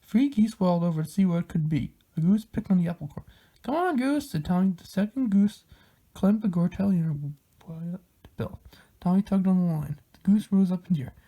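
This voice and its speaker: A man reading a children's storybook aloud in a plain, unhurried manner, halting now and then. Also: high voice, dark tone. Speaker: reader.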